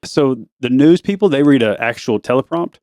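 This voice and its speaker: Male podcast host, dad of the family, middle-pitched, teasing and upbeat, dry recording. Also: expressive, normal speed, a little mellow, no echo. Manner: upbeat, teasing, mock news-anchor delivery. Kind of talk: casual family chat.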